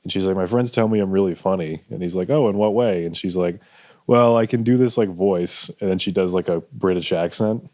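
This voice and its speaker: Male guest, low voice, very lively pitch, dry booth. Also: fairly quick, no room sound. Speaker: podcast guest. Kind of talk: casual comedy podcast chat.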